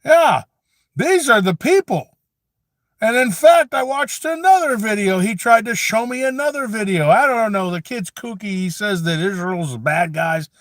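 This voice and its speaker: A man's voice: high voice, expressive, moderate pace, dry recording. A man voicing a preachy, forgetful old grandfather who rants, stammers and drifts into rambling asides in a satirical comedy monologue.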